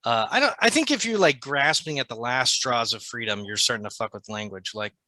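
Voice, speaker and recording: A man's voice: mid-range voice, lively intonation, brisk, bright, forceful tone, no echo. A man co-hosting a podcast in casual, joking banter, swearing freely and throwing in mocking asides. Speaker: podcast co-host.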